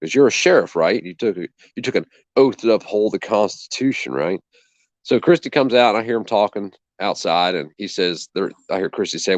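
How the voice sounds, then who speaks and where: A man's voice: lowish voice, lively intonation, fairly quick, no echo. A man hosting a casual chat, telling an indignant, profane story and acting out both sides of the conversation. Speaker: channel host. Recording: dull dry lo-fi sound.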